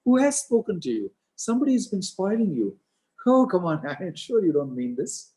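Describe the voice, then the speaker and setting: A man voicing a distraught old king who pleads and cannot believe what he hears, speaking in high, pleading exclamations. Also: big pitch swings, normal speed, dark tone, low-quality recording. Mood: disbelieving.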